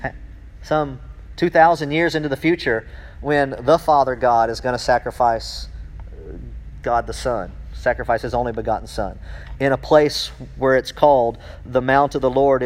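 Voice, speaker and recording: A man preaching a sermon to a congregation, reading scripture aloud, then breaking off mid-sentence to ask questions with growing excitement. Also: mid-range voice, normal speed. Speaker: pastor.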